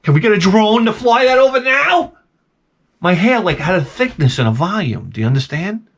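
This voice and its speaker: An older man tells a comic story in a lively, high-pitched voice. He acts out his own reactions and swears freely. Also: moderate pace. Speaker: vlog host.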